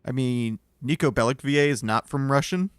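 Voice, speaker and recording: A man's voice: medium pitch, a little fast, clear, resonant tone, no room sound. Casual man streamer, dry close mic. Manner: chatty, self-deprecating, rambling asides.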